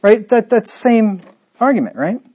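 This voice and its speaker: A man's voice: sits high, sing-song, moderate pace, darkish tone, husky. A man preaching a sermon in a scornful, combative way, with frequent rhetorical asides to the listener.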